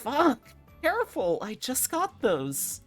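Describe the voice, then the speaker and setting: A woman's voice: mid-range voice, animated, a little slow, soft background music, voice pushed up. A woman voicing a flustered, newly transformed anthro furry protagonist in a visual novel, stammering and swearing in a panic. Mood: panicked.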